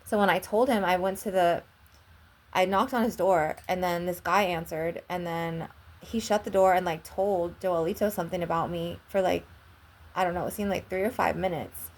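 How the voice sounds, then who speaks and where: A young woman with a slightly low voice tells a story to her viewers. She rambles and leans hard on "like". Her swearing runs all through it. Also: steady tone, normal speed. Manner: rambling, heavy use of "like", frequent swearing. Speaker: vlogger. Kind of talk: casual storytelling.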